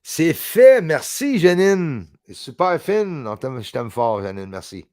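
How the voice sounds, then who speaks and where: A man's voice: fairly high pitch, very animated, unhurried, darkish tone, dry recording, clean studio sound. A man hosting a casual live stream, chatting with viewers by name and swearing casually. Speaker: livestream host.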